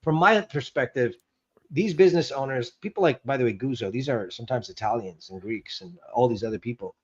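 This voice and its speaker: A man's voice: mid-range voice, brisk, slightly rough. A man co-hosting in casual banter, laughing often and stumbling over restarts as he jokes. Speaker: guest co-host. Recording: dull lo-fi sound.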